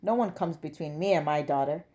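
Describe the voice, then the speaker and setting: A woman voicing a gruff but doting older father with a teasing, clipped manner. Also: low voice, brisk, mellow, close to an everyday voice. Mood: warm. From Jamaica. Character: elderly Jamaican widower, gruff but doting.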